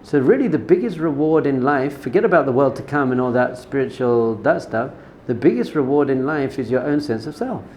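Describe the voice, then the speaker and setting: A man's voice: medium pitch, expressive, fairly quick, few pauses, darkish tone, slight background noise. Man teaching a casual religious class. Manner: conversational, repeats words for emphasis, tells personal stories. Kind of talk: informal Torah lesson.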